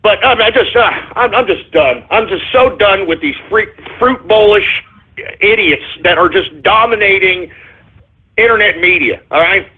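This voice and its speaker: A man's voice: high-pitched, moderate pace, husky. A man hosting a talk radio show, ranting and rambling, repeatedly asking "all right?", over a tinny phone-line sound.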